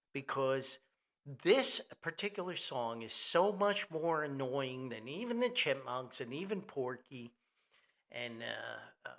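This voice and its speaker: A man's voice: medium pitch, pushed and bright. A man hosting a solo comedic commentary podcast, rambling and self-deprecating, laughing often and restarting his sentences. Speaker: podcast host.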